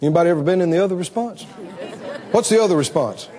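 A man's voice: sits high, expressive, fast talker, mellow, a faint crowd. A man preaching a sermon, telling stories with lots of laughter and acting out his own voice. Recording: long reverb of a large hall.

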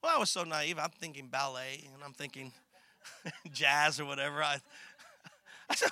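A middle-aged pastor preaching, his voice high and very bright. He tells a story with lots of animation, acts out the conversations and swings from quiet to loud. The sound is dry and close. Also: normal speed, long pauses, no echo. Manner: animated storytelling, acts out dialogue, laughs, gets loud and emotional. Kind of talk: sermon.

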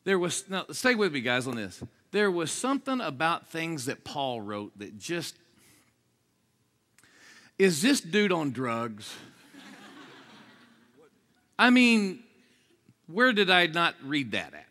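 A man preaching an energetic sermon, joking with the crowd and swinging between low asides and shouted exclamations. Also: takes it slowly, pauses often. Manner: jokey, asks the crowd for responses.

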